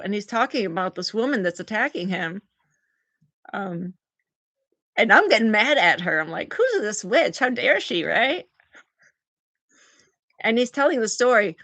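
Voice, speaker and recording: A woman chatting on a live stream and thanking viewers for gifts. She is recovering from oral surgery and tells her story in an animated way, acting out the quotes. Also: medium pitch, no echo. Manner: animated storyteller, acts out quotes in big voices. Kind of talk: casual live-stream chat.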